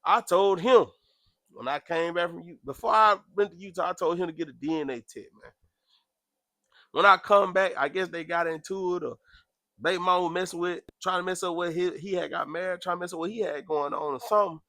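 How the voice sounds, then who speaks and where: A man chatting casually, telling a story with animated, loud acted-out quotes. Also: fairly quick, dry recording, studio quality. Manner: animated, acts out quotes with sudden loud jumps in pitch. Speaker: podcast host.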